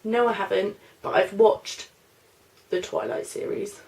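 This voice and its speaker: A woman's voice: mid-range voice, steady tone, unhurried, creaky, darkish tone. A woman in her twenties with a mixed London and Norfolk accent, chatting in a casual Q&A vlog, rambling and hesitant with lots of fillers. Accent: mix of London and Norfolk English. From London, England. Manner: rambling, hesitant, many fillers and "I don't know". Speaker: vlogger. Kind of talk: casual Q&A vlog, reading questions aloud.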